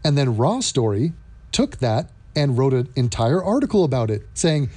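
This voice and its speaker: A man's voice: medium pitch, sing-song, moderate pace, warm tone. A man hosting an opinion commentary vlog, talking in a sarcastic, mocking way.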